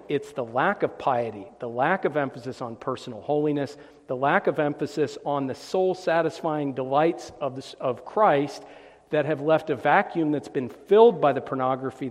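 A man's voice: medium pitch, in a large hall. A man preaching a polemical sermon, emphatic and sarcastic, repeating phrases for emphasis.

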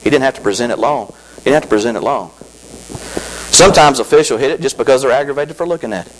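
A man with a drawl preaches from the pulpit in a homespun, storytelling way. He repeats key phrases several times. He drops to near quiet, then punches the next line hard. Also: medium pitch, fast, slight background noise, rough recording. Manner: folksy, emphatic, often repeats phrases; swings from loud to quiet for emphasis. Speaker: pastor. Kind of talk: sermon.

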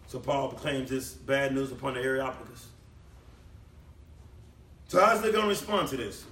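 A man preaching a sermon in a church hall, emphatic, swinging between loud declamation and low quiet passages. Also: normal speed, far from the mic, a little hiss or hum. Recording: echoey room, voice from off the mic.

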